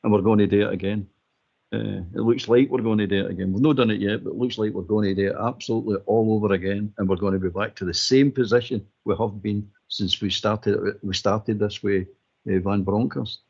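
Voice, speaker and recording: A man's voice: on the low side, fairly even intonation, fairly quick, vocal fry, darkish tone, husky. A Scottish man calling in to a radio phone-in, giving his opinion emphatically and repeating his points. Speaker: caller. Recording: muffled phone-in line.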